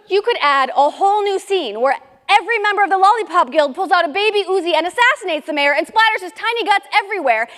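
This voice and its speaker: Middle-aged woman, high voice, comic and indignant memoir monologue, live stage with long reverb. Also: quick pace. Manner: comic, indignant, lively storytelling. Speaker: memoir performer. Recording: reverberant hall.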